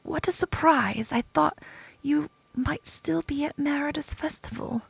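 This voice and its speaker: A woman reading out the soft, near-whispered lines of a gentle, frail keeper of stories made of paper in a game. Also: sits high, measured pace, creaky, exaggerated voice, poor audio.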